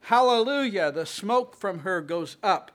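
A man preaching a sermon, reading scripture with slow, emphatic delivery and rising exclamations. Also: a little high, a bit bright. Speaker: pastor.

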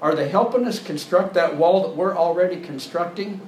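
Male pastor, sermon delivery, slightly high voice, faint noise under the recording. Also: moderate pace, a little mellow. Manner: conversational preaching, rising to emphatic.

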